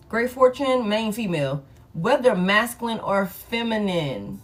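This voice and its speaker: A woman's voice: mid-range voice, very animated, unhurried, soft background music. A woman in her thirties hosting a live tarot stream. She talks casually and profanely, speaks straight to her viewers and laughs often.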